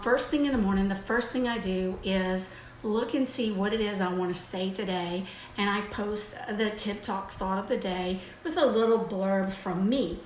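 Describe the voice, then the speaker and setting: An older woman talks through a home live stream in a loose, rambling way, full of fillers and restarts. Her voice sits at an ordinary middle pitch. The room rings with echo, and a faint ambience hums behind her. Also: slight background noise. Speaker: host of a daily live video. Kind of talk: casual live-stream chat.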